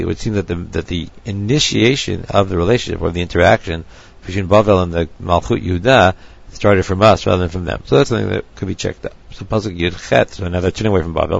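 A man teaching a text lecture, measured and thinking aloud as he goes. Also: sits low, gravelly, slightly rough, highs cut off. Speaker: Torah teacher.

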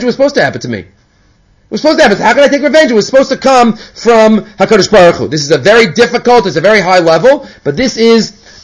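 A man's voice: high-pitched, rough recording. A man giving a casual Torah class, mixing Hebrew quotes into conversational English. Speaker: Torah teacher.

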